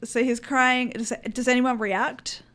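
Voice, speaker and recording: A woman's voice: on the high side, flat delivery, a little slow, a bit bright. A woman playing in a tabletop game, chatting playfully and giggling often. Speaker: player, guest. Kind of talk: casual tabletop game play.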